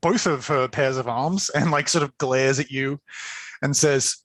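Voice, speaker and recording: A man's voice: medium pitch, steady tone, unhurried, fairly bright tone, no echo. A man as game master, narrating a tabletop game in an enthusiastic, chatty way, full of fillers.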